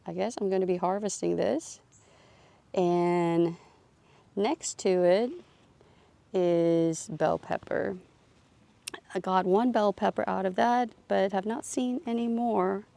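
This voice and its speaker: Slow, chatty woman touring her garden. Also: medium pitch, gravelly, mellow. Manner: slow, chatty, thinking aloud with fillers. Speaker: gardening vlogger. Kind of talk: casual garden tour narration. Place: outdoor garden.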